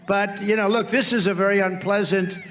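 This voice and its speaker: A man's voice: high voice, fairly even intonation, fairly quick, fairly bright tone, slight background noise. An older man giving a rambling, repetitive rally speech in a conversational manner. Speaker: rally speaker.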